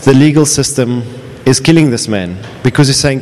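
A man's voice: medium pitch, normal speed, hardly any pauses, a little mellow. A man preaching a sermon as pastor, earnest and often restarting his phrases. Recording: long reverb of a large hall.

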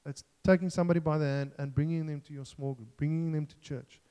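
A man's voice: fairly high pitch, fairly even intonation, fast, mellow, smooth, big-room sound, lo-fi sound. A man preaching a sermon in an earnest, self-deprecating way, joking and restarting as he talks.

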